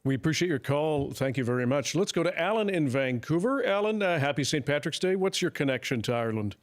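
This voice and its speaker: A male radio host taking listeners' calls in a brisk, friendly manner. His voice sits slightly high. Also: expressive. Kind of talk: radio call-in hosting.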